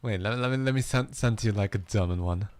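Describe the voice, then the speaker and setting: A man's voice: lowish voice, a little fast, a little mellow. A man chatting casually with his livestream viewers, playful and self-mocking, laughing at his own stumbles. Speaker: livestreaming musician. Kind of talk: casual chat with stream viewers.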